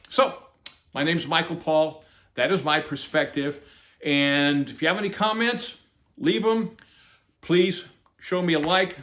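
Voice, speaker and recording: A man's voice: a little high, a bit bright. A man from the United States giving an emphatic, indignant opinion monologue as host of his own channel.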